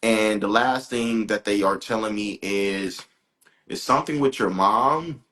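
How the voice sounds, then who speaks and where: A man's voice: on the low side, measured pace, pushed and bright. A man hosting a live stream as a spiritual reader, chatting casually and with enthusiasm, repeating himself for emphasis. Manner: enthusiastic, repetitive, salesy asides.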